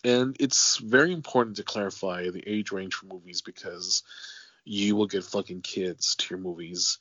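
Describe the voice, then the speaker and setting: A man's voice: low voice, normal speed, fairly bright tone, no room sound, dull audio. A man hosting a casual interview, telling long rambling stories full of fillers and casual swearing. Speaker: podcast host.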